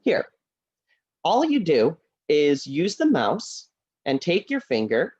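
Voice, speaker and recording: A woman voicing an upbeat, patient puppet friend who works as a teacher, speaking in a cheerful, encouraging and brisk manner. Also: sits low, huge pitch swings, a little mellow, breathy edge, highs cut off, exaggerated voice. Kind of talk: puppet play acting. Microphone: laptop video call.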